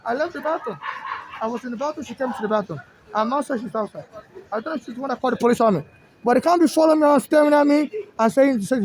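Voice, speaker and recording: Agitated high-voiced Nigerian man. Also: low-quality recording. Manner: agitated, repetitive, addresses an official directly. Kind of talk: direct-to-camera complaint. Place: outdoors in a city.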